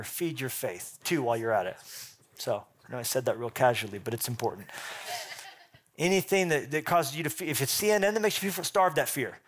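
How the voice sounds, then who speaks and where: A man preaching a sermon as pastor, punchy and animated, with quick asides and jokes. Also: medium pitch.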